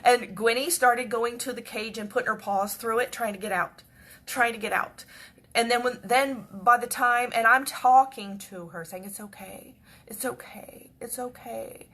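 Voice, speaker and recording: A woman telling a personal story in a chatty, repetitive way that often drops to a hush. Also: fairly high pitch, moderate pace. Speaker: devotional speaker.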